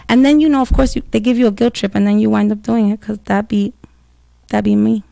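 Woman host, fairly high voice, dry close sound, blunt and animated. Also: vocal fry, dry recording. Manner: blunt, profane, animated storytelling with quick asides. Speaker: podcast host. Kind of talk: casual solo chat.

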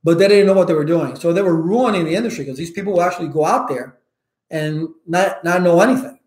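Loud, emphatic man with a fairly high voice. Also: fast, echoey room. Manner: loud and emphatic, keeps asking "okay?". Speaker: IT certification instructor. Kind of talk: casual advice to viewers.

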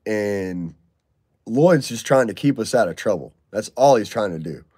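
A man's voice: fairly low pitch, unhurried, slightly rough, dry recording, studio quality. A man in his thirties hosting a casual livestream, reading viewer comments and telling stories in loose, jokey slang. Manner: loose, slangy, jokey, excitable over donations. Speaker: livestream host.

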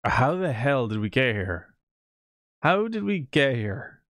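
A man's voice: mid-range voice, big pitch swings, takes it slowly, fairly bright tone, dry recording, clean studio sound. A man reacting to a video in casual commentary, incredulous and swearing freely.

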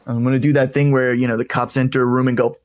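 A man's voice: mid-range voice, level tone, fast talker, a little hiss or hum. A man playing a tabletop game, eagerly narrating his character's actions with laughs. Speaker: player. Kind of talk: casual in-character play.

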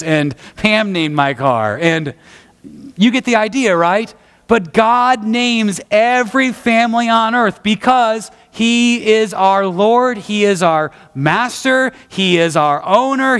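A man's voice: high-pitched, a bit bright, long reverb tail. A man preaching a sermon as pastor, earnest and conversational, repeating phrases for emphasis, recorded in a church sanctuary.

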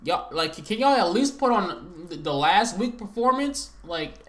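A young man talks over football highlights in a loose, profane, slang-heavy way, venting disbelief at the action. His voice sits a little high and moves all over the place. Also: big pitch swings, unhurried, fairly bright tone. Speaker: sports reaction host. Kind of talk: casual reaction commentary.

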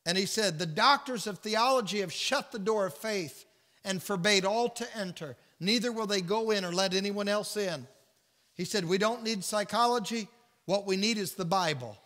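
With a high, bright, forceful voice at a moderate pace, a man with a Southern US accent preaches earnestly while leading a Bible study. He tells stories and acts out their voices in sermon-style teaching, and church hall reverb fills the recording.

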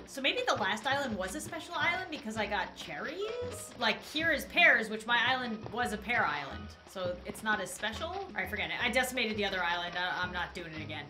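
Bubbly high-voiced woman gaming host. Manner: playful, excitable, exaggerated reactions. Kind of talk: casual gaming commentary. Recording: roomy echo with faint music.

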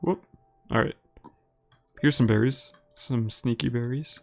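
A man from Minnesota with an Upper Midwest American accent, a live streamer giving relaxed, chatty gameplay commentary and reading viewers' messages aloud. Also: mid-range voice, measured pace, vocal fry, soft background music. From Minnesota, United States. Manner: relaxed and chatty, laughs easily, talks to viewers by name.

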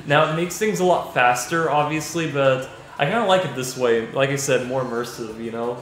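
A man's voice: medium pitch, moderate pace, a bit bright. Man in a very echoey room. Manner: reads game dialogue aloud, laughing often. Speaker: let's play gamer. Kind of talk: casual gameplay commentary. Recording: very echoey room, faint music.

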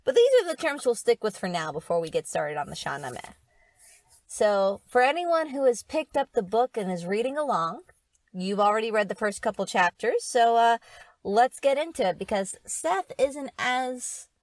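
A woman's voice: fairly high pitch, sing-song, moderate pace, no echo. Giggly woman explaining on a podcast. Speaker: podcast host. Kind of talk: casual chat.

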